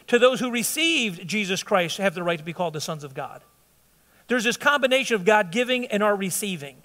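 A man's voice: sits high, a bit bright. A man, a visiting pastor, preaching an informal sermon to a congregation, joking with them and correcting himself as he goes. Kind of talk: conversational sermon. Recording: long hall reverb.

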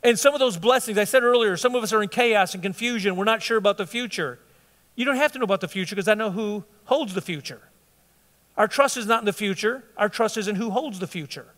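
A man's voice: high voice, quick pace, fairly bright tone. A man, a visiting pastor, preaching an informal sermon to a congregation, joking with them and correcting himself as he goes. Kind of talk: conversational sermon. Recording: long hall reverb.

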